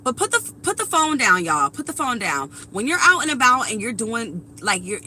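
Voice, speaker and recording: A woman's voice: fairly high pitch, very animated, moderate pace, sharp tone, a little hiss or hum, poor audio. A woman in her thirties doing a casual live tarot reading, talking bluntly and with profanity straight to her viewers. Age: 30s. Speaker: tarot reader.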